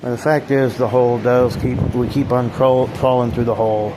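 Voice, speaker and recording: A man's voice: medium pitch, steady tone, normal speed, background noise. A man vlogger in a rambling, profane, bitter philosophical monologue.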